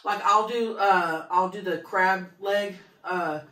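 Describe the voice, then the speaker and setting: A woman's voice: medium pitch, takes it slowly, sharp tone, reverberant, distant mic. A woman co-hosting a podcast in casual chat, playfully teasing and laughing often. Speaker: podcast co-host.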